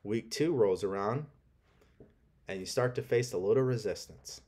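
A man's voice: on the low side, normal speed, a little mellow. Emphatic man giving a motivational talk. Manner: emphatic, repetitive, coaching tone. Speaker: podcast host.

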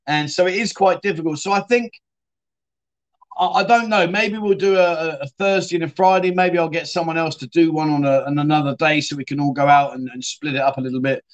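A chatty man hosting a livestream, with a voice sitting a little high for a man. He rambles casually, drops in "mate" and reads out comments from viewers. The talk is loose and unscripted. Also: steady tone, brisk. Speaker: livestream host.

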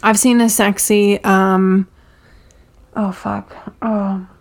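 A woman's voice: medium pitch, flat delivery, slow. A woman in casual conversation who speaks bluntly and animatedly and swears freely. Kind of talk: casual chat.

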